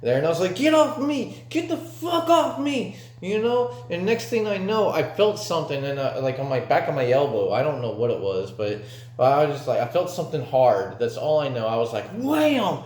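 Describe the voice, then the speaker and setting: A man's voice: mid-range voice, brisk, a little mellow. A young man telling a story from his own life in a casual, rambling way, with lots of fillers and swearing. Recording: echoey room.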